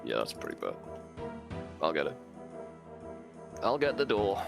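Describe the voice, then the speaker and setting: A man's voice: a bass voice, wildly swooping pitch, a little slow, gravelly, music in the background. A man co-hosting a game stream, teasing his friend and swearing casually. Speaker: co-host. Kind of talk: casual gaming stream chat.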